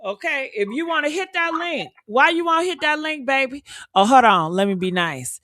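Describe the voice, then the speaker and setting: A woman's voice: sits high, expressive, normal speed, few pauses, a bit bright, no room sound, studio quality. A woman hosting a casual livestream chat, sassy and teasing, laughing often. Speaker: live show host.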